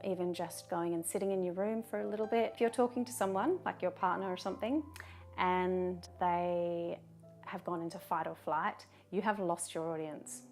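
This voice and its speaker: A woman talking to camera in a video, giving calm, measured advice and turning firm when she gives short commands. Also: fairly low pitch, soft background music. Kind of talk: direct-to-camera advice talk.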